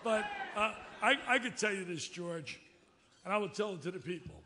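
A man in his seventies giving a lively, excitable acceptance speech, telling stories loudly. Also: high-pitched, moderate pace, a little hiss or hum. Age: 70s. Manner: excitable, loud, storytelling, exclamatory. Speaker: award recipient giving a speech.

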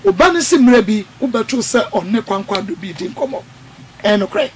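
A woman hosting a call-in radio show, giving calm advice and murmuring along while callers talk. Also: fairly high pitch, normal speed, a little hiss or hum. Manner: calm advice with frequent mm-hmms. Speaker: radio host.

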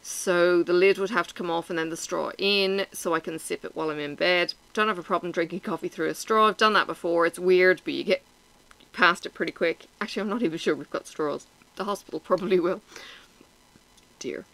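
A woman's voice: lowish voice, brisk, vocal fry, a bit bright, rough recording. A woman, chatting frankly and bluntly to her viewers in a casual vlog, teary and sniffling. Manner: blunt, frank and self-mocking, with swearing and laughs. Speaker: vlogger.

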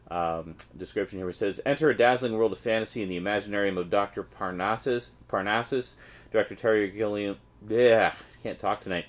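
Chatty low-voiced Canadian man unboxing. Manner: chatty and wry, reading blurbs with mock enthusiasm. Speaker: unboxing vlogger. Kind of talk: casual package-opening chat.

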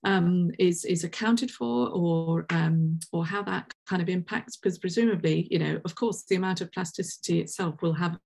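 A woman's voice: fairly low pitch, moderate pace, vocal fry, few pauses, darkish tone, husky. A woman hosting and chairing a Q&A at an online science seminar, talking with many ums and restarts over a video call. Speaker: session chair and host.

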